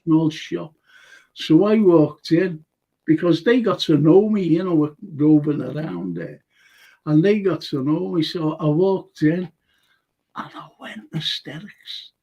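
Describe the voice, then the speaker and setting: A man's voice: a little high, animated, unhurried, mellow, lo-fi sound. An older man hosting a casual chat show, rambling through anecdotes with lots of fillers. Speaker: show host.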